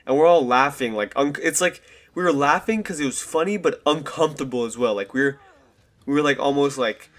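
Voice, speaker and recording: A man's voice: medium pitch, a little fast, a bit bright. A young man hosting his channel, telling a story in a casual, rambling way full of slang and fillers, into a desk microphone. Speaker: channel host. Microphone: desk USB microphone.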